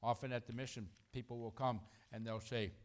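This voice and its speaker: A middle-aged man delivers a sermon in a conversational, lively manner. He slips into acted-out voices for quotes and chuckles between points, and his pitch sits in an ordinary middle range for a man. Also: a little fast. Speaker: preacher.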